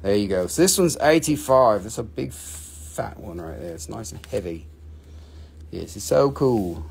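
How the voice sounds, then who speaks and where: A man's voice: fairly low pitch, lively intonation, a little slow, creaky, darkish tone, slightly rough. A man hosting a live online mineral sale from his shop, chatting casually, joking and swearing freely as he rambles. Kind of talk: casual live-stream selling chat.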